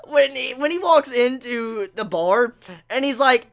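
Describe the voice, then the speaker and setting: A woman doing a casual anime review, excitable and profane, laughing often. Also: a little high, a little slow.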